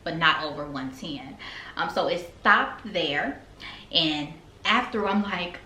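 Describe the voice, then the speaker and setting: A young woman vlogger telling a story to camera in a casual, animated way, acting out her own reactions with big leaps in pitch. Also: unhurried, roomy sound, a little hiss or hum.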